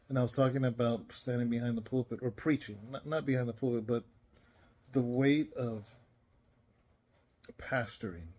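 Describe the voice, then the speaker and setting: A tired man, yawning, delivers a casual spoken devotional message as a pastor, self-recorded. His mid-range voice has a dark tone, and his talk is earnest, rambling and conversational.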